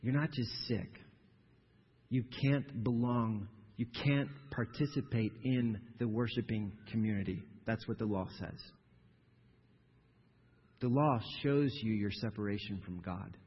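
A man preaching a sermon in an animated way, getting louder and softer and putting questions to the congregation. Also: fairly low pitch, a little slow, husky. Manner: animated preaching, rising and falling in volume, asks the congregation questions. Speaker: pastor. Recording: dull sound, long reverb in a large hall.

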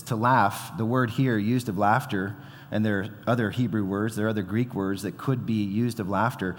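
A man in his thirties preaching a sermon in a conversational, animated way, acting out quoted voices. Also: lowish voice, moderate pace. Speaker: pastor. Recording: long hall reverb.

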